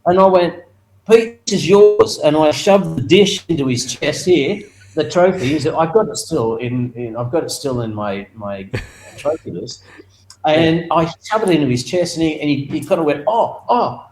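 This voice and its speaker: A man's voice: normal speed, faint music behind, poor audio. An older Australian man, a retired motorcycle racer, telling a story in an interview and acting out the other people's voices. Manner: animated, acts out other people's voices with raised pitch and laughs.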